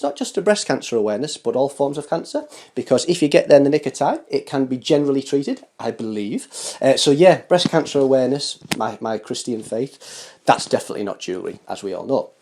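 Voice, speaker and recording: A camp, chatty man hosting a fashion show straight to camera, teasing his viewers as he goes. His pitch swoops up and down all the time, over a warm, mellow tone, and he speaks into a studio microphone. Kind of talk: casual chat to camera. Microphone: studio microphone with foam cover.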